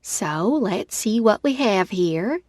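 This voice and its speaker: A woman voicing a friendly woman ultrasound technician with a warm, reassuring manner. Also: medium pitch, animated, slow pace, no room sound, studio quality.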